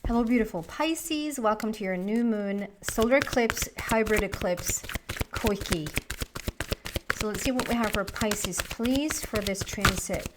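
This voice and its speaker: A woman's voice: medium pitch, a little slow, noisy background. A woman giving a casual tarot reading to her viewers, chatty and thinking aloud as she talks to the cards. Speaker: tarot reader.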